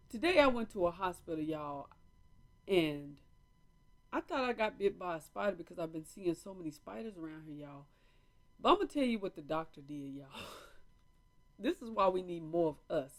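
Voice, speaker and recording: A woman vlog host chats with viewers as "y'all" during a casual live stream from indoors at home, using a small microphone on a phone or camera. Her voice is fairly low in pitch and a little mellow.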